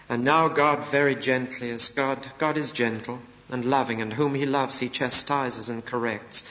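A man's voice: mid-range voice, normal speed, a bit bright. A man preaching an expository sermon, telling the story vividly with shifting emphasis. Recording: echoey hall, dull lo-fi sound.

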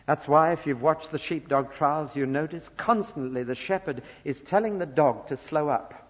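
A man from northern England preaching a sermon, earnest, moving between soft asides and loud emphasis. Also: a little high, moderate pace, husky. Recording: dull lo-fi recording with long church reverb.

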